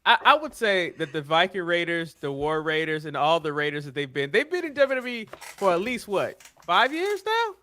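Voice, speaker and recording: Animated high-voiced man, dry close sound. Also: normal speed, hardly any pauses, dry recording. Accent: American. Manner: animated, laughing banter. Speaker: podcast co-host. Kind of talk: casual chat.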